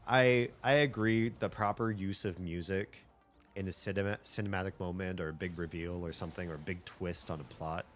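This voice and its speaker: A man with a very low voice talks casually to his stream viewers and wanders into long explanations about words and accents. Faint music plays under his voice. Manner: rambling, talkative, lecturing on language. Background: faint game music.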